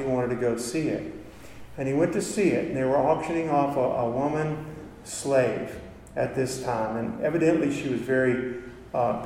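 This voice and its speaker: A man's voice: mid-range voice, darkish tone, slight background noise. A man preaching a sermon in a church, telling a story with emotion and calling for amens. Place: church hall. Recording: echoey hall from far off.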